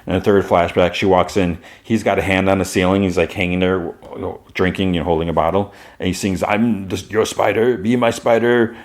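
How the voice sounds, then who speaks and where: A man's voice: deep voice, flat delivery, brisk, hardly any pauses. A man hosting a podcast, casually retelling the scenes of an episode and quoting the characters along the way. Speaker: podcast host.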